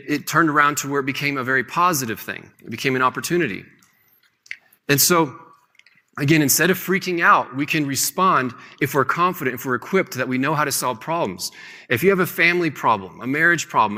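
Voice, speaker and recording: A man teaching a casual Bible lesson in a relaxed, conversational way, loosely paraphrasing scripture with light humor. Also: medium pitch. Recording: long hall reverb.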